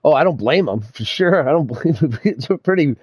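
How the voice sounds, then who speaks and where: Young male sim-racing streamer, relaxed and profane, voice a bit high, close dry mic. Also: fairly quick, husky, no room sound. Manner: laid-back, swears and laughs often. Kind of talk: casual chat over voice chat.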